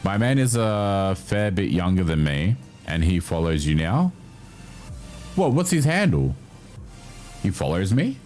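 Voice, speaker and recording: Low-voiced, animated male streamer. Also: measured pace, faint music behind. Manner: animated, swearing, laughing, reacting to chat. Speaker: livestreamer reading chat. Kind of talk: casual livestream chat.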